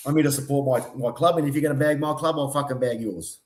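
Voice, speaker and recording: A fast-talking Australian man at a mid pitch rambles through his points, stumbling and repeating words as he argues back. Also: a little mellow, echoey room, slight background noise. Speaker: podcast co-host. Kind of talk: heated footy banter.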